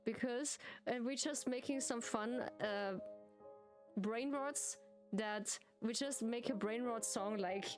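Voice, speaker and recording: German-accented woman streamer, slow and somewhat high, giggly and halting. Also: soft background music. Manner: giggly, halting, repeats words. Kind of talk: casual live-stream chat.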